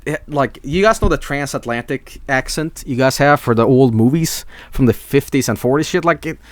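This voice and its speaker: A man's voice: medium pitch, dry recording. A man, streaming a text adventure game, reading it aloud with loose, joking, swearing commentary.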